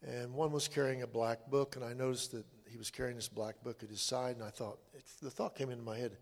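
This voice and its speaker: A man's voice: medium pitch, fairly even intonation, gravelly. Older man giving an earnest testimony in a hall. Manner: halting, earnest storytelling with restarts. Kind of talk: spoken personal testimony. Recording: long hall reverb.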